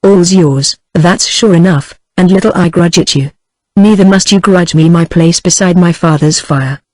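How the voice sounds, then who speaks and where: A text-to-speech woman's voice reading a scheming young nobleman's lines, flat and unchanged from the narration. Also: on the low side, normal speed, no room sound, natural voice, rough recording. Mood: smooth. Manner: flat synthetic reading, no voice change.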